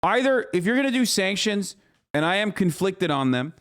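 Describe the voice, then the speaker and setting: A man's voice: high voice, big pitch swings, normal speed, a bit bright, clear, resonant tone. A man streaming a reaction to a news clip, ranting in an exasperated, profane way. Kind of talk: heated reaction commentary.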